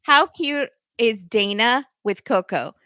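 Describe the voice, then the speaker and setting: A woman guest chatting casually on a podcast, retelling a show in an animated way into a handheld microphone. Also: fairly high pitch, slow, no echo, studio quality. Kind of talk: casual chat recapping a show.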